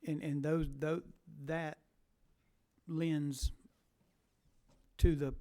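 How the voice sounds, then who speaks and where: A man's voice: on the high side, level tone, extremely slow, warm tone. A man questioning witnesses at a legislative committee hearing, pressing his point and repeating words for stress.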